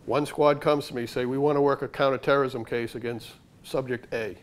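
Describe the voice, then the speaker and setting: A man's voice: medium pitch, steady tone, a little fast. An older man, a retired undercover agent telling stories to a library audience in a punchy, conversational way. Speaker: author and former undercover agent giving a library talk. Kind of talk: storytelling talk to an audience. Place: library meeting room.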